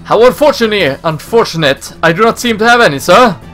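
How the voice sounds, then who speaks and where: A man's voice: high voice, lively intonation, a little fast, fairly bright tone, soft background music, voice pushed up. A man voicing a fussy, fawning male soldier lackey who speaks with excessive politeness.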